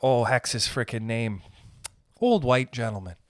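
A man hosting a podcast, ranting in a rambling, profane, comedic way and slipping into quick character voices. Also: medium pitch, animated, dry recording, studio quality. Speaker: podcast host. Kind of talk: casual comedic rant.

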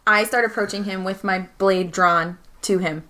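Bright-voiced woman player. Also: mid-range voice, normal speed. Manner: eager, lively questions. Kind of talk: casual tabletop play.

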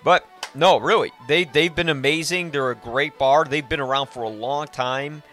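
A man's voice: a little high, normal speed, a bit bright, faint music behind. A man hosting a casual podcast, talking in a rambling, enthusiastic way with frequent restarts. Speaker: podcast host.

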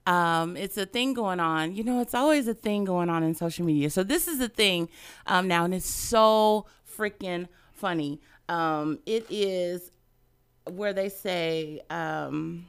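A woman hosts a radio show, chatting playfully and breaking into laughter. Her voice is smooth and resonant. It sounds close and dry, as if spoken into a studio mic. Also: on the low side, unhurried, dry recording. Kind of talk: casual radio chat.

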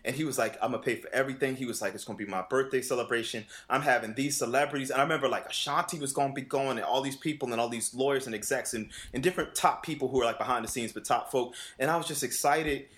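A man in relaxed conversation, spinning a personal story with plenty of acted-out back-and-forth. His voice sits in an ordinary middle register, and he jumps up into other voices whenever he quotes someone. He laughs easily and swears freely. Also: medium pitch, very fast, hardly any pauses. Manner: animated, acts out quoted dialogue with voice shifts; frequent laughter and casual swearing. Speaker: vocal coach. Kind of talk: casual storytelling chat.

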